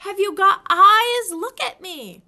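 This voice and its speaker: A woman voicing a squeaky, flustered little piglet. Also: sing-song, slow pace, fairly bright tone, full character voice. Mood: indignant. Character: small timid anxious male piglet. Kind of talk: storybook read-aloud.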